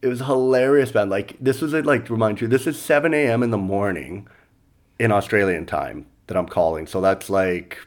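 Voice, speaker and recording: A man's voice: fairly low pitch, moderate pace. A comedian and podcast host telling stories in a loose, rambling way, chuckling at his own punchlines. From Canada. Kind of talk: casual storytelling monologue.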